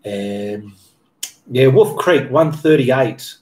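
A man's voice: medium pitch, animated, very slow, a little mellow. A man hosting a casual livestream Q&A for his painting channel, reading viewer comments aloud and answering them in a rambling, self-correcting way. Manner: rambling, stops to correct himself mid-sentence. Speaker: art channel host answering live chat.

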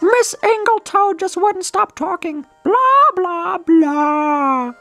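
Woman doing a squeaky bratty boy Toad. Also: slow, a bit bright, dry recording, faint music behind, full character voice. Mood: cheeky. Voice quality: squeaky, very high. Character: bratty little boy Toad, cheeky and whiny.

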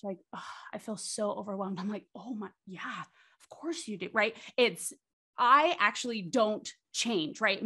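Animated woman with a higher voice. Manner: animated, ends points with "right?"; acts out quoted voices. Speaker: podcast guest, charisma coach. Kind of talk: explanatory interview talk.

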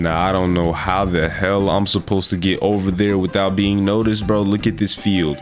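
A young man giving casual, excitable gameplay commentary, joking and trash-talking. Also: low voice, normal speed, hardly any pauses, over music. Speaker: gaming video host.

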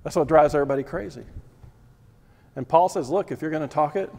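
A male Bible teacher preaching with emphatic, repetitive phrasing and pointed rhetorical questions. His voice sits slightly high for a man. The sound rings out with the long reverb of a big hall. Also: fairly quick, gravelly, warm tone. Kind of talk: sermon.

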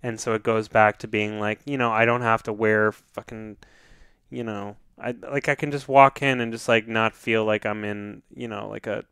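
A man chats on a hockey podcast, rambling from one joke to the next with plenty of swearing and mumbled asides. His voice is smooth and clear, recorded close on a mic in a dead, dry room. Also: fairly low pitch, level tone, normal speed, fairly bright tone, no echo. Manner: rambling, joking, profane, trails off into mutters. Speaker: podcast co-host. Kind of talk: casual podcast banter.

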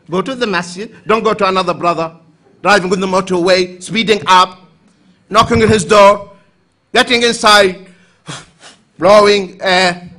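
Male lecturer from the Emirates, high, bright and lively delivery, acts out characters in anecdotes. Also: measured pace, pauses often. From United Arab Emirates. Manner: animated storyteller, acts out quoted voices for humor. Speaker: Islamic lecturer. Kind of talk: conference lecture with acted anecdotes.

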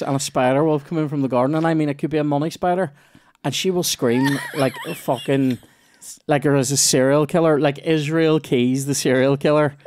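A man's voice: on the high side, darkish tone, slight background noise. Sweary man telling stories. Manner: sweary, rambling anecdotes with lots of restarts. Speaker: comedian podcast host. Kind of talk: casual storytelling chat.

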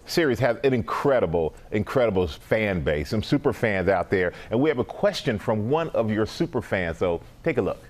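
Animated male TV co-host. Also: lowish voice, moderate pace, few pauses. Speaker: TV show co-host. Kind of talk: morning TV interview.

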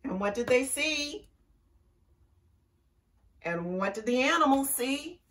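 A woman's voice: sits high, far from the mic. A woman librarian reading a picture book aloud to young children, chatty and asking them questions. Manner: slow, lively and chatty with young listeners.

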